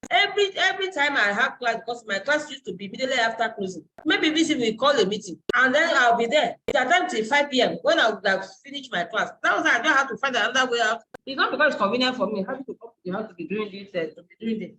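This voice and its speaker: Woman teaching a live online class, bit high pitched, bright, stops to hunt for words. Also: animated, fast, hardly any pauses, rough recording. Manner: explanatory, searching aloud for terms. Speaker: university lecturer and dean.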